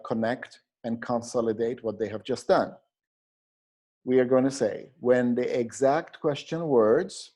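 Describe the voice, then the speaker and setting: A man's voice: mid-range voice, dark tone. A man narrating a teaching video for teachers, explaining grammar step by step with frequent fillers and restarts. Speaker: teacher trainer.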